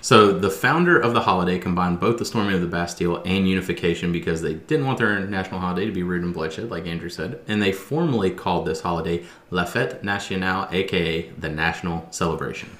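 A man's voice: deep voice, fast, hardly any pauses, fairly bright tone. A man co-hosting a beer podcast in casual chat, joking and bantering. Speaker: podcast co-host. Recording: roomy echo.

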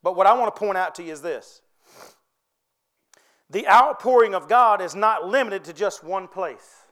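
A male preacher with a very high voice delivers a fervent sermon. He keeps calling out to the congregation and drawing them in. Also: normal speed, fairly bright tone. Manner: fervent, calls out to the congregation for responses.

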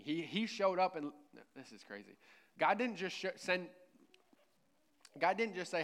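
Conversational pastor with a smooth voice. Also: male voice, high voice, unhurried, long pauses, a bit bright. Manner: conversational, frequent "right?" check-ins. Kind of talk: sermon. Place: church.

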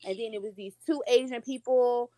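Woman, podcast co-host, chatty, filler-heavy, higher voice, dry sound. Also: fairly even intonation, normal speed, dark tone, no room sound. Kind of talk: casual chat.

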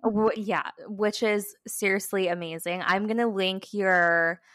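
A woman's voice: mid-range voice, steady tone, unhurried, dry recording, studio quality. A young woman hosting a podcast, chatting casually and enthusiastically. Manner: warm, enthusiastic, frequent "wow" and laughs. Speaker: podcast host. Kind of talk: casual chat.

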